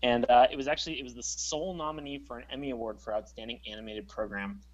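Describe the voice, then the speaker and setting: A man's voice: medium pitch, steady tone, quick pace, highs cut off. A man co-hosting a podcast, talking casually and rambling with many fillers. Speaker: podcast co-host. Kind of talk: casual chat.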